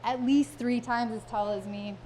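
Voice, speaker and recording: A woman with a slightly high, darkish, steady voice tells a comic personal story live on stage before an audience. Her delivery is wry and self-mocking, rich in vivid detail and well-timed pauses, with a faint hum of room noise behind her.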